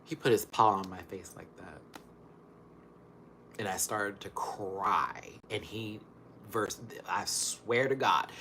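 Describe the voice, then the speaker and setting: A man ranting casually on camera, swinging between loud outbursts and hushed muttering, still recovering from an illness. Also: lowish voice, slight background noise. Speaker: vlogger.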